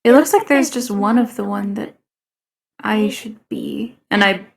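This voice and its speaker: A woman playing in a tabletop game, halting and thoughtful. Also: mid-range voice, gravelly. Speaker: player. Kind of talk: casual tabletop chat.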